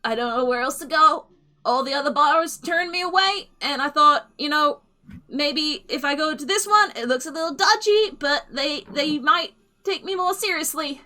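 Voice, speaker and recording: A woman's voice: normal speed, sharp tone. A woman voicing a frantic, dramatic female gnome who talks in a flustered, theatrical way. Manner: high-pitched, flustered, theatrical.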